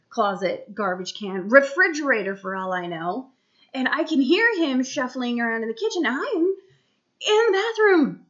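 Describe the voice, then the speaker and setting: A woman's voice: a little high, a bit bright, highs cut off. A woman in her thirties, a mom, telling a story to camera in a chatty, rambling way full of asides, recorded at home. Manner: chatty and rambling, lots of fillers and asides to the listener. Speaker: mom vlogger.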